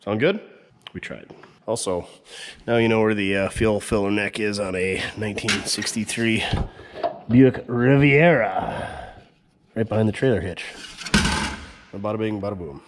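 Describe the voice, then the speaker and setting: A man's voice: on the low side, measured pace, long pauses, background noise. A man hosting a repair vlog, bantering casually and joking in slang while he works on an old car. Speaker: mechanic vlog host. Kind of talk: casual running commentary while working. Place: shop working on an old car.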